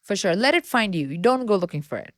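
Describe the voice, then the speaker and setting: A woman's voice: mid-range voice, no echo, clean studio sound. A woman raised in India in her thirties, talking candidly and expressively as a podcast guest. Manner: heartfelt, expressive, quick to laugh. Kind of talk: candid interview talk.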